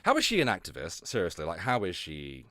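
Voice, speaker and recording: A man's voice: deep voice, huge pitch swings, fairly quick, bright, forceful tone, no echo, clean studio sound. A man streaming live, giving sarcastic, heavily profane commentary, often breaking into laughter. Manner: sarcastic, swears constantly, often laughs and trails off.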